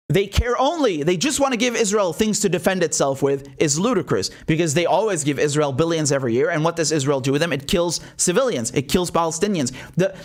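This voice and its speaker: A man delivering a heated, sarcastic political opinion monologue as host of his own show. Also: high-pitched. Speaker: political commentator.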